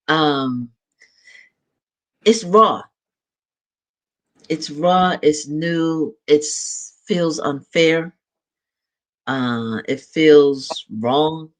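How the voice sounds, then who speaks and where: A man hosting a talk show, measured and reflective, with slow pauses and ums. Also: fairly high pitch, fairly bright tone. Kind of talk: livestream talk show conversation.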